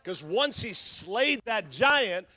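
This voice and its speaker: High-pitched, bright-voiced preacher man. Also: sing-song, takes it slowly, dry recording. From Southern California. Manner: swings from shouting to hushed, conversational with fillers. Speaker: pastor. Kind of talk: sermon.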